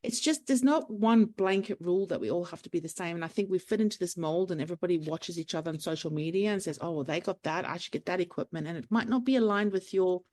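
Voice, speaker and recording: A woman, a clinic owner talking as a podcast guest, animated, acting out the voices in her stories. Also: fairly low pitch, fast talker, hardly any pauses. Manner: animated storyteller, acts out quotes. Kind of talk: casual interview chat.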